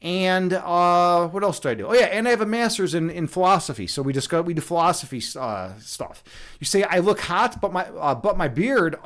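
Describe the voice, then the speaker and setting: Chatting with his livestream viewers, a young meditation instructor rambles, jokes, and drifts into absurdity, full of fillers and restarts. He speaks a little fast in a high, expressive voice with a fairly bright tone.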